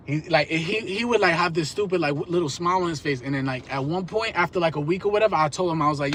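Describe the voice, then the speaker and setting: A man's voice: on the high side, quick pace, few pauses, fairly bright tone, a little hiss or hum. A man in his thirties telling rambling, profane stories in streetwise slang on a live stream. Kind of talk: casual storytelling rant.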